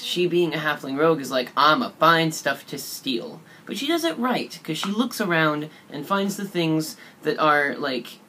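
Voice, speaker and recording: A man casually recounting a tabletop game session in a fairly high voice, rambling along with plenty of fillers and swearing. A faint background noise sits under his voice. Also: a bit bright. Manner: rambling and profane, with many fillers. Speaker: storyteller.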